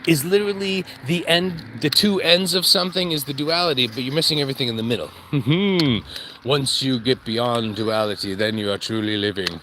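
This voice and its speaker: A man's voice: mid-range voice, normal speed, background noise. A man vlogging on a dog walk, rambling and joking, laughing at himself as he talks. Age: adult with kids. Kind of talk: casual walk-and-talk monologue.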